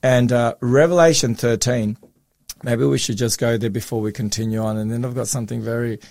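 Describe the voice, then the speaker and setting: A man with a hoarse, husky voice talks earnestly and emphatically in a religious discussion. His tone is gravelly with creak, and the recording is dry and close. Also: mid-range voice, fairly even intonation, brisk, darkish tone, no room sound. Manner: earnest, emphatic, with fillers and restarts. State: hoarse, voice coming back after losing it. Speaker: co-host.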